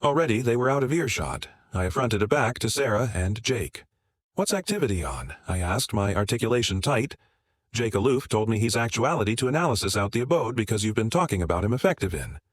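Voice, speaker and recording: Low-voiced man narrating a story. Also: animated, fast, dry recording, clean studio sound. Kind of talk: first-person story narration.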